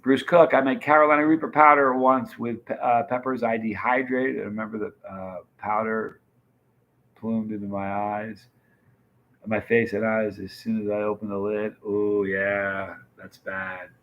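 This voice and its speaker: A man's voice: on the low side, little pitch movement, unhurried, muffled recording, a little hiss or hum. A man hosting a live stream, chatting casually and greeting viewers by name as he reads their comments. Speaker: livestream host.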